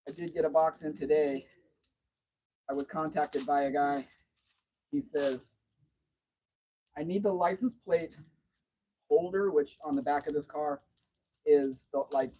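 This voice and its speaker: A man with a somewhat high but mellow, husky voice talks loosely on a home livestream. He drifts from one story to the next with an easygoing, chatty ramble. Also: fairly even intonation, a little slow, long pauses, rough recording. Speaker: livestream host. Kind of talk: casual livestream chat.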